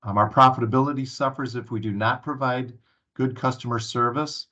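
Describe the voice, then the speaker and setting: A man's voice: medium pitch, fairly even intonation, brisk, sharp tone. A man giving a staff training presentation at a town hall meeting, earnest and full of filler sounds and restarts. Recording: muffled lo-fi recording.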